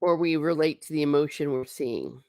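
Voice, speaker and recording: A woman's voice: sits low, normal speed, a little mellow, no room sound, clean studio sound. Chatty, laughing woman host. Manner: chatty, rambling, laughs often. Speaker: livestream host reading chat. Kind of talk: casual livestream chat.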